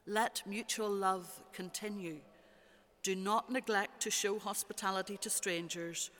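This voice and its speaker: A preacher giving a measured, rhetorical sermon with repeated phrases, recorded in a church. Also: mid-range voice, steady tone, fairly bright tone. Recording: long church reverb.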